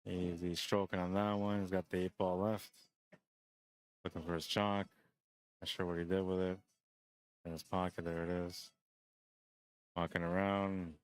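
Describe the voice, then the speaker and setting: A man with a deep, just-woke-up voice, rambling and joking as he runs a pool tournament stream and calls the shots, short on sleep. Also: level tone, measured pace, long pauses, clean tone, no room sound. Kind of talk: casual live-stream commentary.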